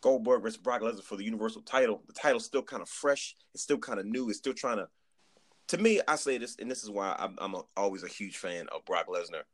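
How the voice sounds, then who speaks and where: A man chatting on a podcast, telling an animated story, acting out quotes and repeating words as he goes. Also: lowish voice, quick pace. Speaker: podcast guest. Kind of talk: casual chat.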